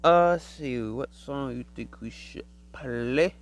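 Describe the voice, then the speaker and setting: A man's voice: mid-range voice, takes it slowly, low-quality recording. A man hosting his own podcast, telling a loose story in casual slang. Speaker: podcast host. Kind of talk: casual solo monologue.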